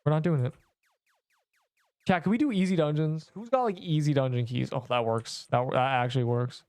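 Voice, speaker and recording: A man's voice: a little high, normal speed, darkish tone, dry recording. Rambling young male game streamer. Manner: rambling, chats to viewers. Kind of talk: casual live-stream commentary.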